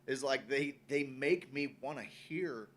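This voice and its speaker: A man's voice: mid-range voice, unhurried, a bit bright. A man co-hosting a casual talk show, speaking emphatically and swearing now and then. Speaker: podcast co-host. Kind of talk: casual chat.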